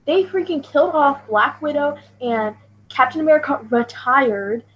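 Teen girl cohost, high voice, gushy and excited, slight hiss behind. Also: moderate pace, poor audio. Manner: excitable, gushing. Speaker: podcast co-host. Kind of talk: casual chat.

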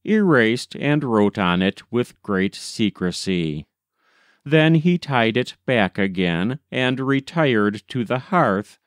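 A man narrating a story as an audiobook reader, measured and gentle. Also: mid-range voice, clear, resonant tone, dry recording, clean studio sound. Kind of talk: scripted narration.

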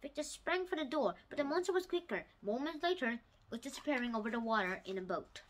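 Give me a woman with a lively, swooping voice who retells a story in a halting, casual way, with sudden loud bursts. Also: high voice, low-quality recording. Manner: halting, with restarts and loud excited outbursts. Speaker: YouTube storyteller.

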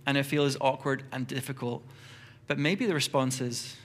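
A middle-aged man preaches in a church with an ordinary mid pitch. He talks lively, dropping into brief acted-out exchanges with quick voices. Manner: lively, acts out little dialogues in quick voices. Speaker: pastor. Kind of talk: sermon.

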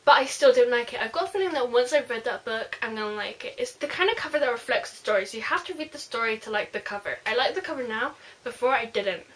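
A woman reviewing a book in a casual vlog, gushing and rambling excitedly. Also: on the high side, quick pace, few pauses.

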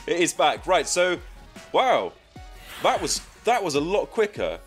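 A young English man chatting and joking through gameplay commentary, breaking into excited shouts, recorded at a home desk mic. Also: medium pitch, normal speed, faint music behind. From England. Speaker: gaming YouTuber.

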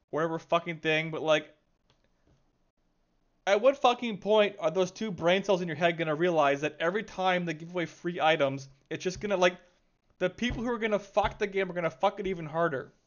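An exasperated man rants with constant swearing and heavy sighs, his voice sitting a little high. The recording sounds dull and lo-fi. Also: brisk, fairly bright tone. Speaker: gaming video creator. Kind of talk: profane angry rant.

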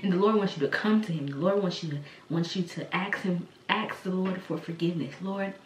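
A woman's voice: lowish voice, brisk, recorded from a distance, noisy background. A woman hosting a faith podcast, preaching in a rambling, conversational way with many fillers and restarts. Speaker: podcast host. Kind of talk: casual spoken sermon. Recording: echoey room, voice from the mic, faint ambience.

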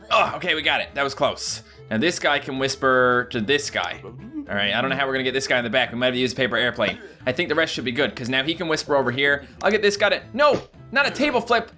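A man giving casual gameplay commentary, excitable and jumping to high yelps when things go wrong. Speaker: gaming YouTuber.

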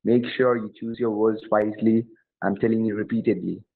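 A man's voice: lowish voice, fairly even intonation, fairly quick. A man playing a support agent on a phone call, pushy and threatening, repeating his demands over and over. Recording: tinny phone line.

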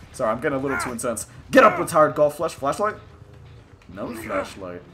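A young man giving excited, profane live commentary while playing a video game and talking at his opponents. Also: mid-range voice, fairly quick, noisy background. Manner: hyped, profane, talks to opponents on screen. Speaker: gaming streamer. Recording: game music behind the voice.

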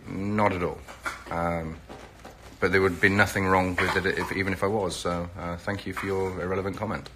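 A reality TV personality from England, this middle-aged man chats casually on a phone live stream, saying hello to viewers by where they are and promoting an event. His voice is deep and fairly monotone, at a normal speed, with background noise behind him.

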